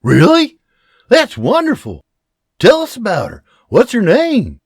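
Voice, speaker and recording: A hearty settler and husband, as a narrator puts him on. His voice is husky and lively, rising high as he greets friends. He is a friendly storybook figure. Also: a little slow, no echo, clean studio sound, heavily acted.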